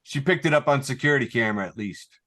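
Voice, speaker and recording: A man's voice: medium pitch, fast, sharp tone. A man chiming in with joking asides on a casual comedy podcast.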